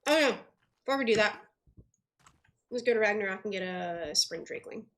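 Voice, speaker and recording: A woman's voice: medium pitch, expressive, a little fast. A woman streaming a game, chatting casually and thinking aloud with lots of fillers. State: hiccups. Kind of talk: casual gameplay commentary.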